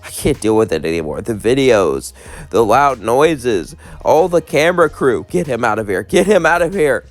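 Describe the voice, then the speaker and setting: A man's voice: mid-range voice, expressive, normal speed, close to an everyday voice. A man voicing a kind, hopeful young woman who runs a hotel, in a cartoon fan story, earnest in tone. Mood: exasperated.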